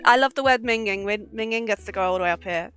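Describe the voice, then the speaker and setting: A woman's voice: medium pitch, quick pace, a bit bright, clean tone, faint music behind. A young woman chatting casually on a livestream, giggly and swearing freely. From Britain. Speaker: streamer.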